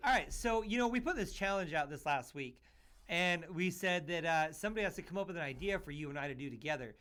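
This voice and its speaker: A man who hosts a podcast and works as a paramedic, telling stories in a loose, animated way with lots of "you know" and "like". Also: a little high, quick pace. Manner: animated storyteller, full of fillers like "you know" and "like". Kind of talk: casual chat, telling stories.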